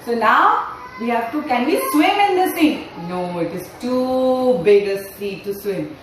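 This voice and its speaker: A woman's voice: a little high, expressive, unhurried, far from the mic, a little hiss or hum. A woman yoga trainer leading a playful class for parents and children, asking the class questions in a sing-song, storytelling way. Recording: very echoey room with faint ambience.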